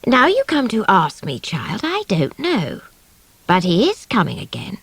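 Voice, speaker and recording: A woman's voice: mid-range voice, wildly swooping pitch, a little slow, vocal fry, fairly bright tone, husky, no echo, heavily acted, rough recording. A woman reading the part of a prim, pious older grandmother in an audiobook, with a proper, correcting manner. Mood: musing. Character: genteel, pious elderly grandmother.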